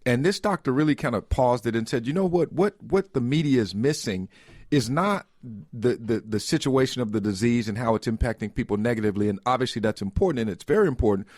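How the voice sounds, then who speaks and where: A man's voice: medium pitch, lively intonation, fast talker, darkish tone, dry recording, studio quality. A man co-hosting a radio talk show, telling a story in a reflective, affirming way.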